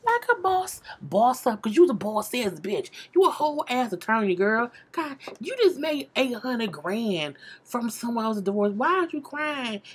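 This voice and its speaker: Woman, young adult, husky voice, lively swooping pitch, casual gossipy recap, chatty asides. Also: unhurried. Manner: animated, gossipy, frequent "okay?" asides. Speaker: show recapper.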